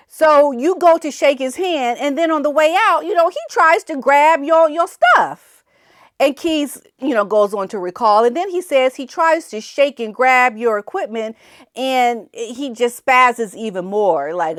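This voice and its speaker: A woman hosting a casual commentary show, animated, often laughing and acting out the people she quotes. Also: sits high, a little slow, no echo, clean studio sound. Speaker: commentary channel host.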